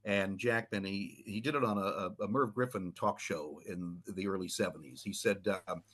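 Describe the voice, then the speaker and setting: A man, a film historian guest on a podcast, telling anecdotes in an animated way with many fillers. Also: low voice, moderate pace, slightly rough. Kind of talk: podcast storytelling.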